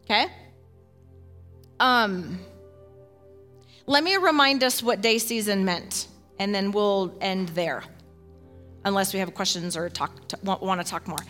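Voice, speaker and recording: A woman pastor preaching a sermon in an animated, folksy way, with quick casual asides and rising excitement. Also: medium pitch.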